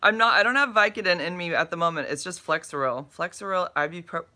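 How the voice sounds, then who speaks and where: A drowsy woman with a bright voice chats loosely on a live stream from her bed. She rambles, trips over words and greets viewers as she reads their comments. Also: on the low side, fast. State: drowsy and dopey from medication. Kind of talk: casual live-stream chat, reading comments. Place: in bed at home.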